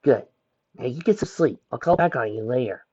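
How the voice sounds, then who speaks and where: A man reading as a warm-hearted young woman checking in on her sick sister, friendly and reassuring, with a lively, rising and falling voice. The track is dull and lo-fi, like a home recording. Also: medium pitch, a little fast, natural voice. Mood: caring. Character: caring, upbeat young woman, foster sister. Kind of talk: fan fiction read aloud.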